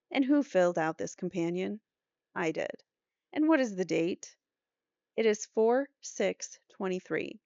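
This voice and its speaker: Female true crime host, gravelly, reads court transcripts with skeptical asides, dry lo-fi sound. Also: medium pitch, a little mellow, no room sound. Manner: skeptical asides between readings. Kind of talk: reading court transcripts aloud with commentary. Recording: dull lo-fi dry recording.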